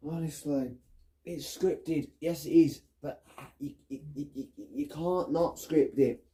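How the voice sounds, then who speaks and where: Frustrated gameplay commentary comes from a man with a fairly high, warm voice who speaks slowly and in a steady tone. He curses and rants at his teammates during his match, his voice sounding distant from the microphone.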